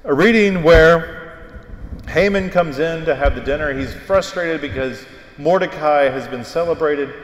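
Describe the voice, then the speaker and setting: A man preaching a sermon in a church, retelling a story with animated, emphatic delivery. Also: on the high side, unhurried. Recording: echoey hall with long reverb.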